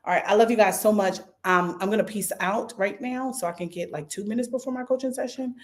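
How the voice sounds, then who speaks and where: A middle-aged woman pastor with a Philadelphia accent, talking to viewers on a livestream in a lively, repetitive way and calling on them by name. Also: medium pitch, fast, few pauses. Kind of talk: livestream preaching and fundraising talk.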